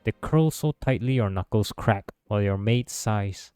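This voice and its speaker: A man narrating a visual novel aloud in a low, mellow voice. He reads steadily with occasional small stumbles, faint music under him. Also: moderate pace, smooth, no room sound. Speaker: gameplay narrator.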